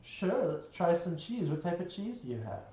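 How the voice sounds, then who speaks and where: A relaxed game master narrating a tabletop game, laughing often and stopping on many small fillers. The voice sits at an ordinary middle pitch. It comes from some way off the mic in a roomy, echoing space, and the sound is dull. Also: normal speed. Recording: roomy, distant, dull recording.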